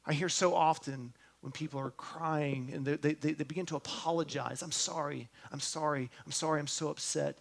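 Guy preaching a sermon, high voice, takes his time, asks the church stuff, gets real soft then lifts back up. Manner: earnest, drops to a hush on tender lines and rises on points of hope; talks straight to the congregation with questions. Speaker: pastor.

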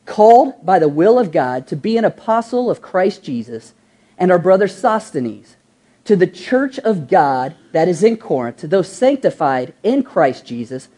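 With a mellow, husky, mid-range voice, a woman pastor preaches a sermon, drawing out key words and asking the congregation rhetorical questions. When she quotes everyday people, she acts out their voices in a casual, ordinary tone.

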